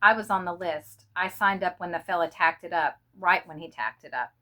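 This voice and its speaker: A woman's voice: lowish voice, moderate pace, sharp tone. A woman voicing a very young male soldier who pleads urgently to be let through. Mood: pleading.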